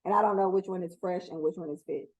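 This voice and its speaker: A woman's voice: lowish voice, fast talker, darkish tone, dull audio. Blunt, profane woman podcast host. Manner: blunt, profane, rambling with many ums. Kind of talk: casual solo commentary.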